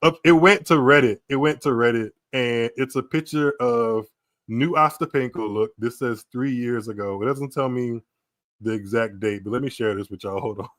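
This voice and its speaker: A tennis podcast host, an American man, gives casual commentary on a live stream from a small home room, laughing and exclaiming as pictures come up. His medium-pitched voice is recorded in studio quality without room sound, and he speaks slowly with drawn-out, lively reactions.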